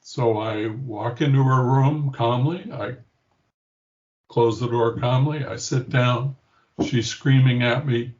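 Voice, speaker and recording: Older man, grandfather, interview guest, slow reflective storytelling, dull recording. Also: medium pitch, fairly even intonation, darkish tone. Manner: slow, reflective, acts out quoted voices.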